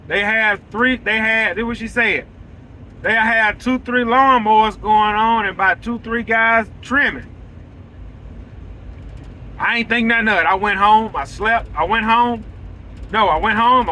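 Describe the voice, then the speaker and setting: Bright high-voiced man telling a story. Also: measured pace, pauses often, slight background noise, rough recording. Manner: repetitive, excitable, addresses viewers directly. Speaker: lawn care business owner. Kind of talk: casual storytelling vlog. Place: vehicle, driving outdoors.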